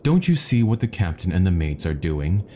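An earnest young cabin boy pleads with the crew, as a man reads him in a low voice. His voice is dark and mellow and his delivery pressing and insistent. A storybook telling. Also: sing-song, moderate pace, slight background noise. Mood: urgent. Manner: urgent, insistent.

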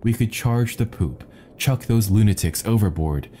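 An earnest young cabin boy pleads with the crew, as a man reads him in a low voice. His voice is dark and mellow and his delivery pressing and insistent. A storybook telling. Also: moderate pace, a little hiss or hum, close to an everyday voice. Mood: urgent. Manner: urgent, insistent.

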